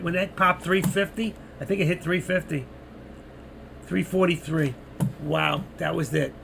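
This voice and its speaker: An older New York City man with a New York accent gives live market commentary, chatting through stock trades on a stream and reading viewers' messages while losing his voice. His voice is fairly high, creaky, and a bit bright, with slight background noise.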